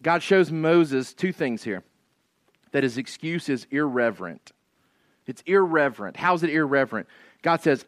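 A man's voice: on the high side, lively intonation, measured pace, no echo. A male pastor preaching an expository sermon in a conversational way, often asking "right?" and repeating key phrases for emphasis.

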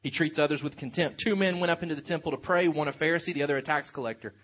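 A man's voice: a little high, racing. A man preaching an earnest sermon, working through a scripture passage for his congregation. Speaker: pastor. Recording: dull lo-fi sound.

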